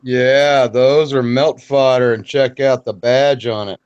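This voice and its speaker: A man's voice: medium pitch, steady tone, slow, a little mellow, clear, resonant tone, highs cut off. A man joining a casual livestream chat from his phone, laid-back and playfully boastful. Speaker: livestream guest.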